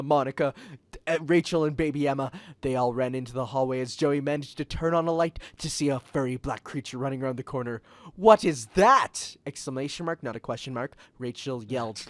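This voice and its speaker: A man reads fan fiction aloud in a flat, deadpan narration with wry asides. He speaks into a call headset. The recording is dry and close. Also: medium pitch, fairly quick, no echo. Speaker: host and reader. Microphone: headset for a video call.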